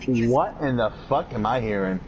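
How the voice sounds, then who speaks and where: A man's voice: mid-range voice, animated, normal speed, noisy background. A man hosting a podcast, telling a personal story in a casual, profane, ranting way. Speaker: podcast host. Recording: dull lo-fi podcast audio.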